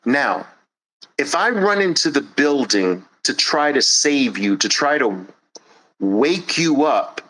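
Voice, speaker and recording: A man hosting a show, giving a blunt, forceful monologue with swearing for emphasis. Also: mid-range voice, sing-song, slow pace, low-quality recording. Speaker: host. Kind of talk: impassioned monologue.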